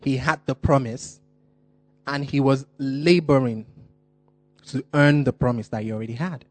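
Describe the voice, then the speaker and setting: Emphatic male preacher, mid-pitched. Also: fairly even intonation, a little mellow, no echo. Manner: emphatic, repeats key phrases, slow stressed words. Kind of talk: sermon.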